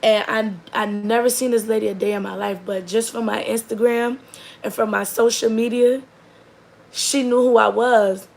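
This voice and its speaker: A young woman telling a funny story in a chatty, animated way with quick asides. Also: fairly high pitch, gravelly, a little hiss or hum, poor audio. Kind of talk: casual comedic storytelling.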